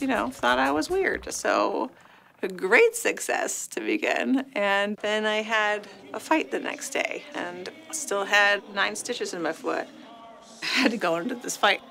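A woman's voice: medium pitch, bright, forceful tone, rough recording. A woman recounting her past in a candid documentary interview, swearing freely and acting out her own outbursts.

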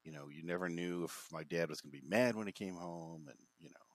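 Deep-voiced man telling a reflective story. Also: expressive, a little fast, dry recording. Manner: reflective, rambling with frequent restarts. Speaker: podcast guest. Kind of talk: casual conversational storytelling. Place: video call.

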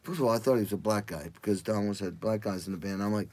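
An older man with a slightly husky voice tells road stories with lots of energy. He jumps into loud, high voices when he acts out what people said. The sound is close and dry, with no room around it. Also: expressive, fast, hardly any pauses, dry recording. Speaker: guest drummer telling stories. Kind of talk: casual interview storytelling.

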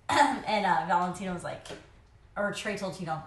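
Young mom vlogger, chatty and rambling, a little low-voiced, filmed on a phone in an echoey room. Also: female voice, normal speed. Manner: chatty, rambling, laughs often. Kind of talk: casual chat while doing makeup.

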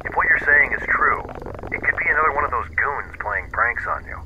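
A man's voice: medium pitch, lively intonation, brisk. A practical, by-the-book park ranger calling in over the radio, his voice run through a radio effect. Thick static hisses under every word. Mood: brisk. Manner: matter-of-fact, by-the-book radio talk. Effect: radio transmission. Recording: loud noisy radio line.

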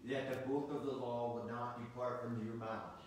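A man's voice: medium pitch, flat delivery, moderate pace. A middle-aged man preaching a sermon as pastor, earnest, asking rhetorical questions and often restarting his phrases. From United States. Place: church sanctuary. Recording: echoey church hall, distant mic, faint noise.

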